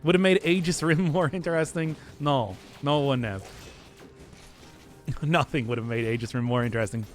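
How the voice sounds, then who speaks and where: A man's voice: medium pitch, fairly even intonation, normal speed, faint music behind. A man streaming a game, giving casual commentary full of giggly, self-deprecating banter with his chat.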